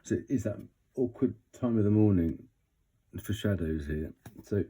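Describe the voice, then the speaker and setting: A British man with a croaky voice, rambling and chuckling as he gives a casual oracle card reading. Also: lowish voice, animated, measured pace, dark tone. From Britain. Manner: rambling, chuckling between thoughts.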